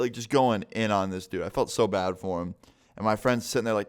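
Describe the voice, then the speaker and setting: A young man with a fairly low voice telling a casual story time. He is laid-back and chatty, with lots of "um"s and cursing. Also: fairly quick, clear, resonant tone. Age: young adult. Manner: laid-back, profane, filler-heavy. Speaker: vlogger.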